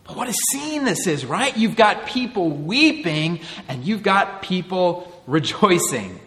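A man's voice: sits high, big pitch swings, a little slow, a bit bright, in a large hall. A man in his thirties, a pastor giving an earnest, conversational sermon full of rhetorical questions.

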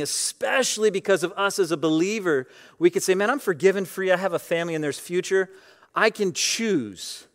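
A man preaching a sermon in a conversational way, often saying "like", dropping to quiet asides and rising to loud, emphatic bursts. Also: high-pitched. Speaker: pastor.

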